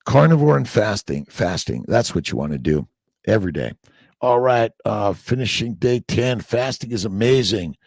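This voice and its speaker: The host, a middle-aged man, reads viewer comments aloud on a casual live stream in an upbeat, exclamatory style that veers from loud bursts to low murmurs. His intonation is lively and his pace moderate, with vocal fry, in clean studio sound with no echo.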